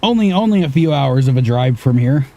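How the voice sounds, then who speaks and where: A gaming streamer in his thirties from Washington State casually talks through an off-road driving game, muttering to himself and swearing now and then. His mid-range voice is mellow, with lively intonation and a slightly fast pace. The audio sounds dull.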